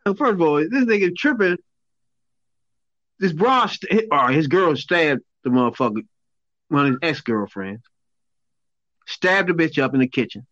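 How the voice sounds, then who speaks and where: A man's voice: on the high side, measured pace, pauses often, no echo, dull audio. A man co-hosting a casual chat, riffing in street slang and laughing in disbelief. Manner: animated, laughing, incredulous outbursts in slang.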